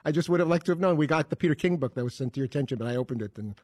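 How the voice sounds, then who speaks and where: Guy talking super fast and stammering, kinda high voice, dry studio mic. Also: animated, a little mellow, no room sound. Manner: stammers, defensive and rambling. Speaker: show staffer. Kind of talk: casual studio banter.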